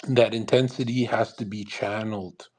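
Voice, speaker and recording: A man's voice: lowish voice, steady tone, moderate pace, a little mellow. A man hosting a live audio chat room, lecturing in a brash, repetitive, heavily profane manner. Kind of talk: profane motivational monologue. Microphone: online audio call.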